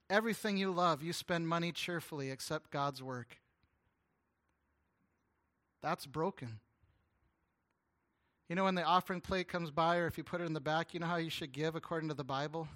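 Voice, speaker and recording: Bright-voiced earnest male preacher. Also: fairly high pitch, normal speed, long pauses. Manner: earnest, animated storytelling with stammered restarts; drops to a hushed, tender voice at emotional points. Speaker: guest pastor. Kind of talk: storytelling sermon.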